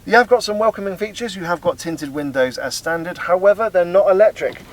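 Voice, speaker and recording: A man's voice: high voice, expressive, fairly quick. A man, chatting through a car review, explaining the car as he sits in it and drives. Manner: chatty, explanatory, talks while driving. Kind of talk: casual car review talk. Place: inside a car, partly on the road. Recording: loud road and engine noise.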